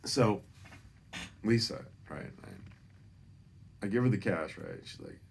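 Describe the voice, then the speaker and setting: Slow and lowish with a breathy edge, this voice belongs to a Northern California man in his fifties. He rambles animatedly through a personal story, cursing freely and often ending lines with "right?"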